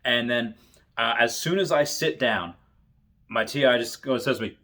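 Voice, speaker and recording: A man's voice: medium pitch, normal speed, pushed and bright, a little hiss or hum. A man, a military veteran, casually reading funny stories and laughing often at them.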